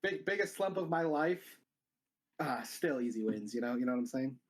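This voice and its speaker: A man's voice: medium pitch, animated, moderate pace. A man being interviewed after a match, laid-back and joking, who fills his talk with easy fillers and the odd swear word. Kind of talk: casual post-match interview.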